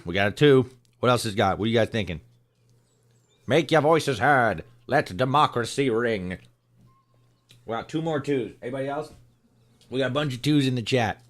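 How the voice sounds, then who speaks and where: A man streaming a video game, chatting casually with his viewers in a relaxed way, swearing and repeating himself. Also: fairly low pitch. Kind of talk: casual chat with viewers while gaming.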